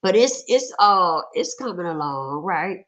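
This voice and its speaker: A woman hosting a casual livestream, hoarse and rough-voiced from a cold, greeting viewers in a lively, chatty way. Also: on the low side, unhurried. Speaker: livestream host.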